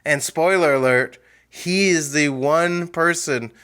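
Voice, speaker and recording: A man co-hosting a movie podcast, animated and laughing as he mockingly retells a horror film. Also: on the high side, slow pace, smooth. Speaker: podcast co-host. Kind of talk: casual movie review chat.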